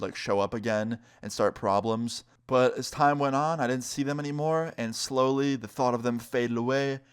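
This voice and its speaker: A young man in his twenties telling a casual story time vlog, animated and swearing, speeding up and slowing down. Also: medium pitch, clear, resonant tone.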